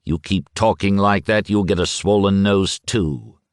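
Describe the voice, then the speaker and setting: A man's voice: low-pitched, fairly even intonation, unhurried, no echo, studio quality. A man reading an audiobook, voicing a curt, brooding male boss who grumbles in short lines. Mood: gruff. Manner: terse and grumbling.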